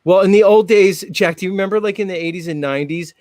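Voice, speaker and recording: A man's voice: high-pitched, fast, darkish tone, dry recording, clean studio sound. A man in his forties hosting a casual live show, rambling with many fillers and frequent laughs. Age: 40s. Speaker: show host.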